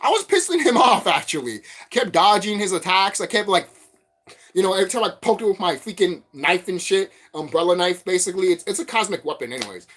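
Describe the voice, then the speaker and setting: A man vlogging as a spiritual commentator, telling stories in a rambling, profane, animated way. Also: high-pitched, a little fast. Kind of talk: rambling casual monologue.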